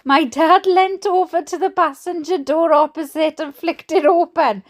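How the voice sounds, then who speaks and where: A Welsh woman with a very high, steady voice reads a book aloud at an unhurried pace, a reader and streamer who keeps breaking off for chatty asides about her own memories. She's giggly and often dissolves into laughter.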